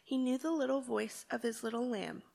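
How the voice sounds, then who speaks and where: A woman reading a children's Bible story aloud, expressive and bleating for the lamb. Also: fairly high pitch, moderate pace, vocal fry.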